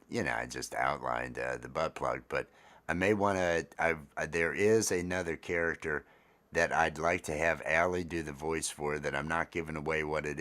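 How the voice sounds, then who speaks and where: A man with an extremely deep, low-pitched voice chats casually on his solo vlog. He rambles along with plenty of fillers and restarts as he thinks out loud. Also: clean tone. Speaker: vlogger.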